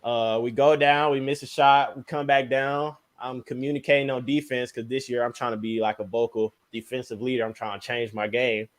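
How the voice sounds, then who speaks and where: A young man, a podcast guest, telling a basketball injury story in casual, slangy, animated speech. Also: brisk, hardly any pauses. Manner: animated, slangy, sound words like "boom, bam".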